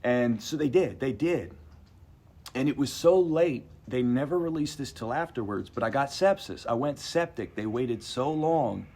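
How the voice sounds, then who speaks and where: Husky man telling a story animatedly. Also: medium pitch, normal speed. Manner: animated, emphatic, acts out quotes; rambling, conversational. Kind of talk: personal storytelling to a live audience.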